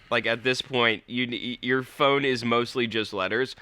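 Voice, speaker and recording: A man's voice: mid-range voice, steady tone, normal speed, bright, forceful tone, clear, resonant tone. A young man co-hosting a podcast, telling a rambling story in casual chat and swearing freely. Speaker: podcast co-host.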